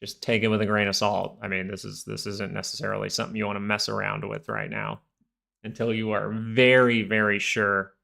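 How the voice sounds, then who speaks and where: A man's voice: on the low side, flat delivery, brisk, gravelly, pushed and bright. A young man hosting a live stock market stream, rambling through casual chart commentary full of fillers and goofy asides.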